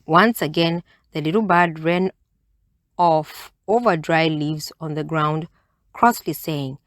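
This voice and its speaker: Slow, gentle woman reading a bedtime story. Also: low voice, no echo, clean studio sound. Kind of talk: children's bedtime story read-aloud.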